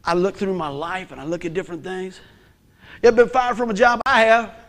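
A man's voice: sits high, fairly even intonation, brisk, a bit bright. A middle-aged man, a pastor preaching a sermon in a conversational, humorous way with call-and-response.

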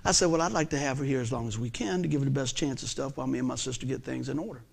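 A man, preaching a sermon as a folksy storyteller whose delivery swings from loud bursts to hushed asides. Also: medium pitch, very fast, creaky, breathy edge. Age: 50s.

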